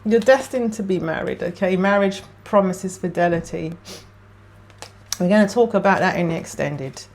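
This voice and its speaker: A woman with a medium-pitched, darkish voice at a moderate pace does a casual tarot reading to camera. As a tarot reader, she's emotional and chatty, thinking out loud while pulling cards.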